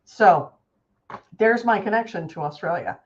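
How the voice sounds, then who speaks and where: A woman co-hosts a casual talk show, telling animated stories and tossing in swear words without a second thought. Her voice sits at an ordinary middle pitch. The sound is dull and lo-fi, like a web stream. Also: unhurried. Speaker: podcast co-host. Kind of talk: casual chat.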